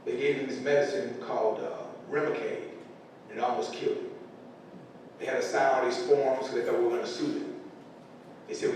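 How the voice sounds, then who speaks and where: A man's voice: flat delivery, fairly quick, darkish tone. A middle-aged man gives an earnest, emotional motivational speech to school staff. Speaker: parent speaking to school staff. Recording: echoey large room from far off, faint rumble.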